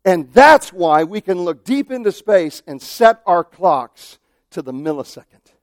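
A male pastor preaching a sermon, animated, acting out quoted voices and swinging from loud to hushed. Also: sits high, a little slow, no room sound, studio quality.

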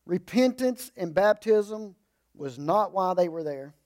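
A man preaching a conversational sermon. He explains in a folksy way with humorous asides, and he moves between emphatic raised lines and low, quiet remarks. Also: lively intonation, slow.

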